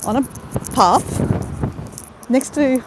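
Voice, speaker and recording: A woman's voice: high-pitched, takes it slowly, background noise. A middle-aged Australian woman livestreaming from her phone as she walks a waterside path outdoors, chatting casually with viewers and greeting them by name. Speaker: vlogger livestreaming a walk. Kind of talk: casual live-stream chat. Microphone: phone held while walking.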